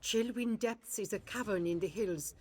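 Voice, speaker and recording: A woman's voice: medium pitch, moderate pace, warm tone, a little hiss or hum, lightly acted. An actress voicing an anxious woman traveler in a video game, earnestly asking for help for her husband.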